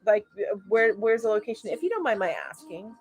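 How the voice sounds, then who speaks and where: A woman's voice: fairly high pitch, lively intonation, brisk, breathy edge. Chatty woman hosting a live chat. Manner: gushing and chatty, coos over her pet, many fillers. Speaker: host of a weekly crochet live chat. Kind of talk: casual live-stream chat reading viewer comments.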